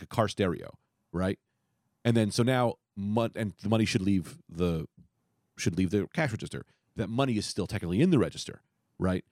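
A man's voice: lowish voice, dry recording, studio quality. Rambling, profane man telling stories. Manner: rambling, profane, animated storyteller who acts out quotes. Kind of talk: casual storytelling chat.

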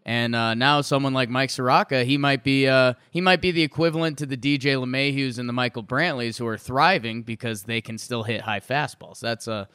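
A man co-hosting a casual baseball podcast, talking in an animated, rambling way with lots of restarts. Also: medium pitch, fairly quick, hardly any pauses, clean tone, dry recording, clean studio sound. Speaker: podcast co-host. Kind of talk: casual sports chat.

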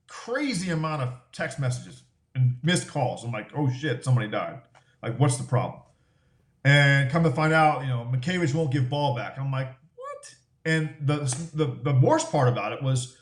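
A middle-aged man spins loose, swear-laden stories with a laugh never far away. His voice sits a touch high, and the room around him rings with echo. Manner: swears freely, animated and laughing. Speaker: guest, former ballplayer. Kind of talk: casual storytelling, profane.

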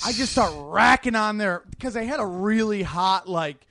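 A man chatting casually as a comedian, telling stories quickly and with emphasis. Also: sits high, lively intonation, pushed and bright, slight background noise. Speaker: comedian guest. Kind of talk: casual chat.

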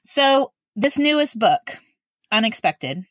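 Bright-voiced woman podcast host. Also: on the high side, big pitch swings, slow, no echo, studio quality. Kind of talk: casual podcast chat and ad read.

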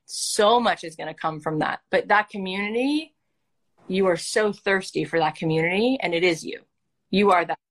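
A woman's voice: fairly low pitch, normal speed. A woman hosting as a life coach, talking earnestly and emotionally in a heartfelt coaching conversation. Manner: earnest, emotional, animated storytelling.

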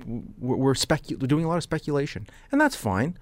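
A man's voice: fairly high pitch, wildly swooping pitch, a little fast, no echo, clean studio sound. A man co-hosting a radio talk show, rambling and restarting his thoughts in casual banter. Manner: rambling, restarts often, agreeable. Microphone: studio microphone.

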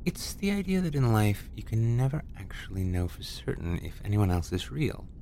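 A man voicing a mysterious, playful woman who speaks in a calm, knowing, teasing way. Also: on the low side, moderate pace, gravelly, slight background noise, pitched above the performer's own voice.

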